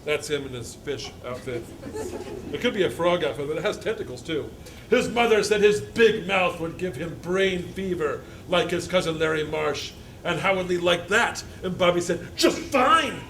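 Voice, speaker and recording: A man, a university instructor, reading a picture book aloud to a live audience, halting with fillers and joking asides. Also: on the high side, noisy background.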